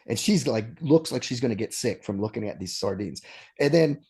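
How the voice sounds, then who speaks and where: A man's voice: medium pitch, brisk, slightly rough. A man co-hosting a casual movie podcast, retelling scenes with laughs and restarts. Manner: animated storytelling with frequent laughs and restarts. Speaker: podcast co-host.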